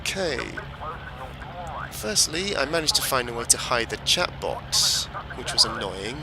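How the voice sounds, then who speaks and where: A man's voice: mid-range voice, sing-song, measured pace, very noisy. A man chatting casually over a flight game, reading its story aloud and joking at himself. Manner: chatty and self-mocking, reads story text aloud. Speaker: game video maker. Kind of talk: casual gameplay commentary and reading the campaign story.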